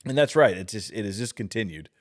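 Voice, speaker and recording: A man in his thirties hosts a livestream, offering casual, rambling political commentary as he reads viewer comments. His voice is lowish, fast and lively in intonation, and he keeps restarting sentences and drifting into asides.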